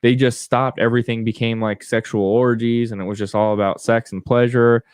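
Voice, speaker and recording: A man's voice: mid-range voice, flat delivery, a little fast, darkish tone, clean tone, dry recording, clean studio sound. A man co-hosting a podcast in casual chat, with blunt, crude joking banter. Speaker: podcast co-host.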